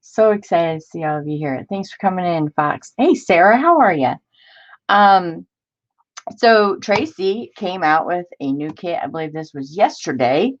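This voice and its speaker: A woman hosting a casual crafting live stream, chatty and excitable as she greets viewers by name. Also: fairly low pitch, normal speed, muffled recording. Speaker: crafting channel host.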